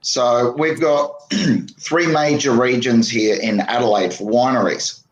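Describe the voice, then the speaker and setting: An Australian man chatting casually on a podcast, talking haltingly with many fillers. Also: medium pitch, low-quality recording.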